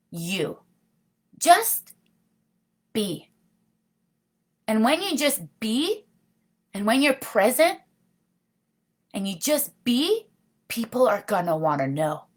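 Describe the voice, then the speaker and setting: A middle-aged woman with a higher-pitched, sharp-toned voice hosts a casual live video. She replies to viewers' comments in an earnest, heartfelt ramble, with plenty of "you know."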